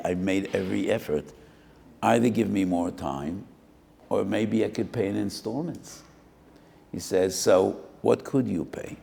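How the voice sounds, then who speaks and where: Gravelly older rabbi telling a parable. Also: male voice, lowish voice, mellow. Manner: storytelling with Hebrew phrases, acting out both sides of a dialogue. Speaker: rabbi giving a Torah lecture. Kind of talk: sermon with a parable. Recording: roomy hall with long reverb.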